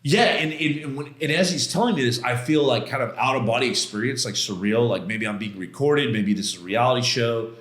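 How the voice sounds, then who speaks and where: A man sits in as a podcast guest and tells a personal story in loose, conversational speech. He stresses key moments and acts out his own past outbursts. His voice sits at an ordinary male pitch, with a roomy echo around it. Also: fairly quick, few pauses, a bit bright. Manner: emphatic, casual, slangy, re-enacts his own outbursts.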